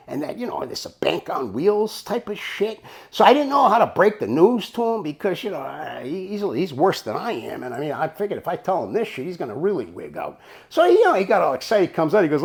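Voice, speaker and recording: An older man telling a casual, profane anecdote in an animated way. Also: fairly high pitch, a little fast, vocal fry. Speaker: storyteller.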